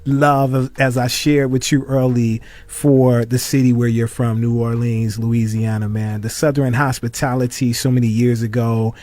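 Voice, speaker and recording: A man's voice: mid-range voice, flat delivery, normal speed, few pauses, a little mellow, no echo. A man from Chicago hosting a radio interview, effusive and peppering his talk with "man". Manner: effusive, says "man" often. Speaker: radio host. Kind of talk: interview questions.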